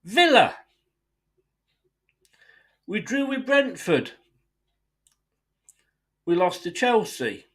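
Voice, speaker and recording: An English man hosting a football fan channel, ranting bluntly and swearing freely, and acting out imagined conversations in quick asides. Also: sits high, big pitch swings, a bit bright. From England. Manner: mimics others in asides. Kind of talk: impassioned fan rant.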